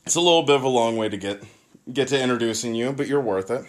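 A man's voice: medium pitch, fast talker. Man hosting a casual podcast. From United States. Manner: jokey, rambling with restarts. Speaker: podcast host.

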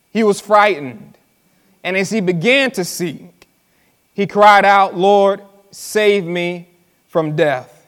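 A man's voice: sits high, a bit bright. A man preaching a sermon as pastor, drawing words out for emphasis, repeating lines and talking directly to the congregation in a church. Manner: preaching with dramatic slow emphasis and repetition; conversational, tells the congregation to listen. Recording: live sermon with hall reverb.

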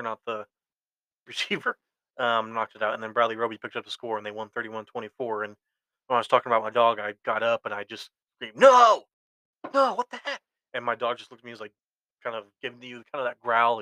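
Guy doing a solo sports podcast, bright punchy voice, dry close sound, rambly fan opinions. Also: medium pitch, no echo, rough recording. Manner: rambling, self-correcting, opinionated fan talk. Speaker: podcast host.

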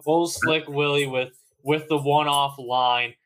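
A man's voice: fairly high pitch, fairly even intonation, slow pace, fairly bright tone. A man co-hosting a podcast in casual chat, laughing often, swearing freely and restarting his sentences. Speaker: podcast co-host.

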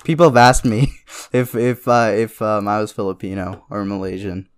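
A man's voice: on the low side, steady tone, moderate pace, smooth. A young man co-hosting a podcast, chatting casually at night, rambling, swearing freely and laughing often. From immigrated to Canada young. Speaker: podcast co-host. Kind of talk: casual late-night chat.

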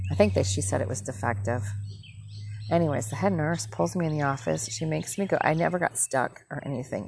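Middle-aged woman, former nurse, low voice, gravelly, rambling and indignant, birds chirping faintly behind. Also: a little mellow, a little hiss or hum. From Northern US. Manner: rambling, indignant, self-correcting. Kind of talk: casual monologue.

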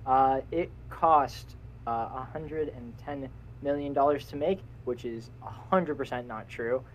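A man's voice: mid-range voice, measured pace, slight background noise, rough recording. A young man co-hosting a casual podcast, rambling and cutting himself off, laughing often. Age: young adult. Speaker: podcast co-host. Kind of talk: casual chat.

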